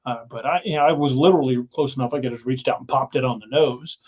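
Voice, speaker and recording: A man tells stories about the woods in a loose, rambling way, restarting and repeating himself. His voice sits at an average pitch. The recording is dull and lo-fi. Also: quick pace, darkish tone, husky. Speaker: guest. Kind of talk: casual storytelling. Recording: dull lo-fi sound.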